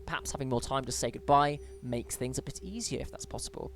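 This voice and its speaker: Chatty British gamer reading emails aloud. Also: quick pace. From Britain. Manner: chatty asides, frequent little pitch jumps and stumbles while reading. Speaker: let's play gamer. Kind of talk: casual gameplay commentary, reading on-screen emails aloud.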